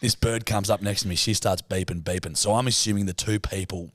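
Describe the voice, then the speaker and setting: A man's voice: fairly low pitch, fairly even intonation, brisk, no echo. A man with an Australian accent, co-hosting a podcast and telling a story with lots of swearing. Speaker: podcast co-host. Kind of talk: casual chat.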